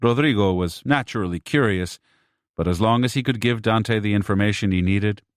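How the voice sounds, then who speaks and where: A man with a lowish voice reads an audiobook in a measured, even manner. The sound is dry and close, with no room at all. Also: no room sound. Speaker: audiobook narrator. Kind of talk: scripted narration.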